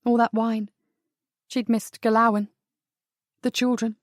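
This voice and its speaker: A woman reading an audiobook romance as narrator, telling the story in an even, intimate way. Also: a little high, unhurried, long pauses, no room sound, studio quality. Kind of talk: scripted narration.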